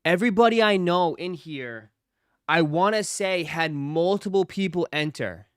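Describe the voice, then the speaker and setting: A man's voice: sits high, expressive, a little slow, smooth, no room sound, studio quality. A man hosting a casual livestream, talking straight to his chat viewers and repeating phrases for emphasis. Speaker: livestream host.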